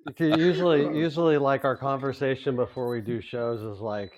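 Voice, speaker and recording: A man's voice: mid-range voice, steady tone, fairly quick, darkish tone. A man on a live panel chat, telling a rambling story full of "like" fillers. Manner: rambling, uses many fillers.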